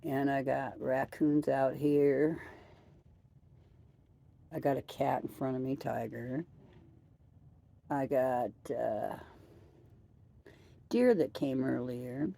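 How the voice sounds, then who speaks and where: A weary woman with a gravelly edge talks in a mellow, unhurried ramble, drifting from thought to thought as she hosts her podcast. She sounds outdoors at night and amuses herself as she goes. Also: rumbling low. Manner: rambling, musing, self-amused. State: tired. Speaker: podcast host. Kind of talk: casual rambling chat. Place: outdoors at night by trees and floodlights.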